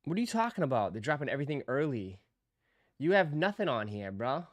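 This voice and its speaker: A man's voice: medium pitch, very animated, brisk, no echo, clean studio sound. Laid-back slangy man chatting to viewers. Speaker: sneaker live stream host. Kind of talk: casual live stream chat.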